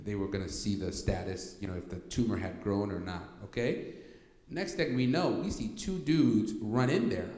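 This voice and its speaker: A man with a fairly low voice tells a story to a workshop audience. He is animated and keeps asking the room to follow along. The sound is roomy, with a long reverb from a church hall. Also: moderate pace. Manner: animated, repeats "okay?" to check in with listeners. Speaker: workshop speaker.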